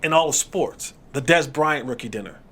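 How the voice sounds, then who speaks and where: Male podcast host, fairly high voice, relaxed casual chat, quick asides. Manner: laid-back, quick asides, laughs along. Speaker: podcast host, former NFL player.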